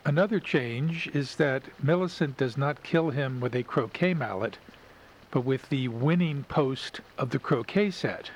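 Male podcast host, measured and analytical, faint hiss behind. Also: mid-range voice. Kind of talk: story review and reading.

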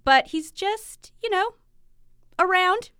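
A woman's voice: very high-pitched, animated, slow, bright, forceful tone, no room sound, studio quality. A woman co-hosting a casual book chat podcast, talking enthusiastically and laughing easily.

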